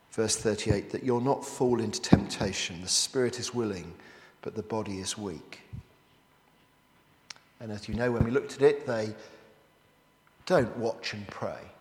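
A man preaching a sermon as he works through a Bible passage, often turning statements into rhetorical questions to the listeners. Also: medium pitch. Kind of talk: expository sermon. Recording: echoey hall with long reverb.

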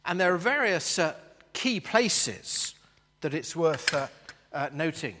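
A man teaching a Bible lesson, talking slowly and explaining patiently as he sketches a map for the class. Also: fairly high pitch, big pitch swings, big-room sound, background noise.

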